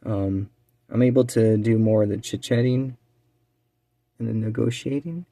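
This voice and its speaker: A man's voice: fairly low pitch, unhurried, no room sound. A man chatting casually and rambling with lots of fillers while he works on a small craft task. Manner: rambling, relaxed, many fillers; drops to a quiet near-whisper while focusing. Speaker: eBay reseller and channel co-host.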